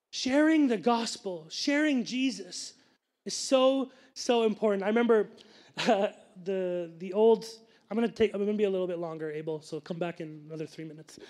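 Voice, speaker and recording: A young man preaching as a pastor, telling a personal story with lively asides to the congregation. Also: high-pitched. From grew up Sikh, family from India.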